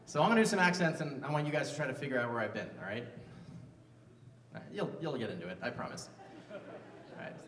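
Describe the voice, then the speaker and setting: A man's voice: medium pitch, expressive, quick pace, pauses often, fairly bright tone, a little hiss or hum. A man in his fifties doing a live stand-up set on a stage mic, self-mocking and bantering with the crowd. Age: 50s. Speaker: stand-up comedian. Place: large live music venue on stage. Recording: roomy venue sound from a distance.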